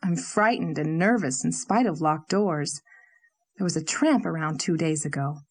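A woman's voice: low voice, moderate pace. A woman voicing a lonely, nervous young woman who speaks eagerly and pleadingly.

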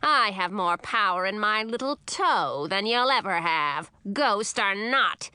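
A woman's voice: expressive, unhurried, bright, forceful tone, clear, resonant tone, dry recording. A woman voicing a cranky, bossy old witch grandmother who barks and sneers in a storybook reading. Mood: scornful. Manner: barking, scornful, shrill at times.

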